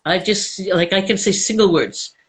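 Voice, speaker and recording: An actor guest chatting casually on a live stream, relaxed and a little hesitant. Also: medium pitch, moderate pace, breathy edge, poor audio.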